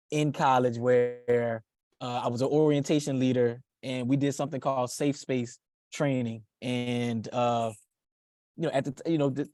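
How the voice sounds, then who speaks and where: A man hosting a podcast who speaks in a reflective, thoughtful way, pausing often. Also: mid-range voice, dark tone, no room sound, clean studio sound. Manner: reflective, thoughtful, with frequent pauses and restarts. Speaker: podcast host. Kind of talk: conversational interview.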